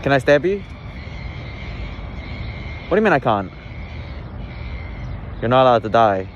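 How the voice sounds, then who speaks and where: A man voicing a goofy, pushy young guy in a loud, squeaky, exaggerated way. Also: sing-song, a little slow, muffled recording, a little hiss or hum.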